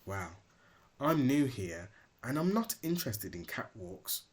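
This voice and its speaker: A man's voice: medium pitch, very animated, a little slow. A man voicing a kind, helpful young female cat who speaks earnestly, in a storybook reading. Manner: friendly and earnest. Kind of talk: storybook read-aloud.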